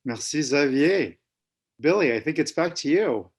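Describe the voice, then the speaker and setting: Measured man presenting, filler-heavy. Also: on the high side, lively intonation, slightly rough. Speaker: French teacher. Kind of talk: presenting at an online school webinar.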